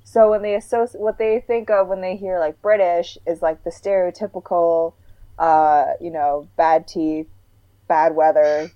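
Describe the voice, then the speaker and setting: A woman's voice: on the low side, steady tone, a little slow, dry recording, highs cut off. A young woman co-hosting a casual chat with friends, telling stories in a rambling way with lots of filler words. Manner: rambling storyteller with many "like" fillers.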